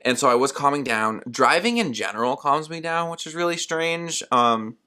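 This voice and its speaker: Young male solo podcaster, bright tone, chatty and rambling, acts out his own lines. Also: a little high, moderate pace, smooth. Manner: rambling and animated, heavy use of "like"; acts out his own past words in quoted asides. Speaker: podcast host.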